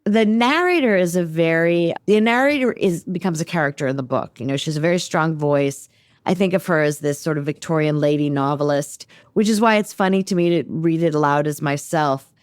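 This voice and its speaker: An American woman author talking animatedly about her novel and reading from it, self-deprecating and quick. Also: low voice, smooth, no room sound, clean studio sound. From United States. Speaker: author guest. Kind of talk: conversational interview and reading aloud from her novel.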